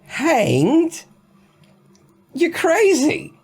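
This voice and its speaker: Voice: mid-range voice, sing-song, moderate pace, voice pushed up, natural voice. A player voicing a drunk young male villager locked in a jail cell, using a put-on accent and arguing defensively. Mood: indignant.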